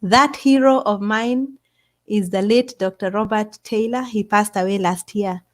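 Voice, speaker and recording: A middle-aged woman, telling a story as an interview guest in an animated way. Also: medium pitch, measured pace. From Kenya. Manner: animated, acts out others' voices. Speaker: guest scientist.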